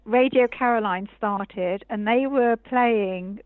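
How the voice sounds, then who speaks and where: A woman's voice: fairly high pitch, slow, no echo. Older female guest: rambling, chatty, on a dry, tinny phone line. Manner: chatty, rambling, many fillers. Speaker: author guest. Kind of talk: casual interview.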